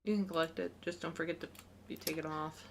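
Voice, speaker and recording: A woman co-hosts a game stream, chatting casually while playing, telling stories and giggling often. Her voice is low and fast with fairly even intonation, and a little hiss or hum sits in the audio.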